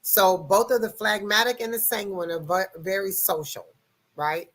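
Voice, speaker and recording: A woman's voice: medium pitch, fairly even intonation, moderate pace. A middle-aged woman giving a casual explanatory talk on personality types, emphatic and always at full energy. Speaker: personality-type presenter.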